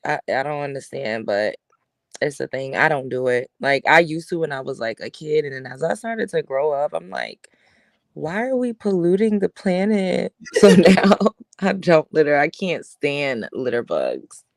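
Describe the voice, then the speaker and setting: A woman chatting in a relaxed, low-key, sleepy way, lying at home in bed. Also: moderate pace, dry recording, clean studio sound. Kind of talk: casual chat.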